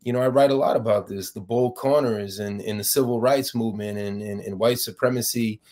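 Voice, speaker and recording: A man's voice: fairly low pitch, steady tone, brisk, darkish tone. A man with a New York accent, a fired professor being interviewed, arguing his case with many restarts and rising intensity when indignant. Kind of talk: interview, impassioned argument.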